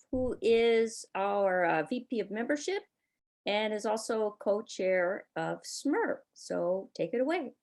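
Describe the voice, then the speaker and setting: A woman taking over as facilitator of a club meeting, introducing the speakers with many hesitations. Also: fairly high pitch.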